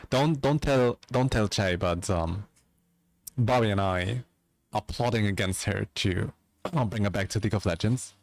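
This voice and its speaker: A man's voice: lowish voice, measured pace, no room sound. A man chatting casually with viewers as a livestream host, joking around.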